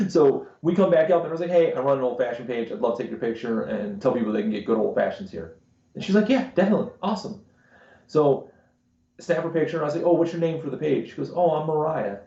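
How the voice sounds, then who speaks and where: A man's voice: medium pitch, fast talker, creaky, warm tone. A man co-hosting a podcast, swearing freely as he tells stories in casual chat. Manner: crude, swearing storyteller. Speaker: podcast co-host. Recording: dull, roomy live-stream audio.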